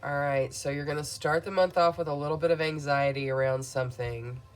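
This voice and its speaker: A woman's voice: sits low, steady tone, brisk, faint music behind. A woman reading tarot cards for her viewers in a soothing, affirming way. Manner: soothing, affirming, speaks to viewers as "beautiful souls". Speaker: tarot reader.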